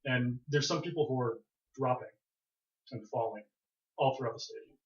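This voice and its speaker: A man narrating a tabletop role-playing game as game master, laying out scenes in a quick, plain-spoken way. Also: medium pitch. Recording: echoey room, dull lo-fi sound.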